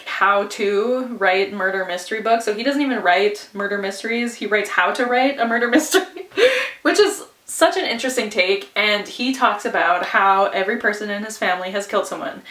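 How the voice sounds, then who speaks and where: A woman's voice: medium pitch, fairly bright tone, recorded from a distance. A woman chatting casually on a reading vlog, giggling often and scattering "like" and "anyways" through her talk. She sounds slightly out of breath. Her voice carries a roomy echo and sits a little back from the mic. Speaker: book vlogger.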